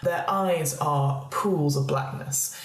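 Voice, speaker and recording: A woman narrating a tabletop role-playing game as game master, in a relaxed way with many hedging fillers. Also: low voice, takes it slowly. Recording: echoey room.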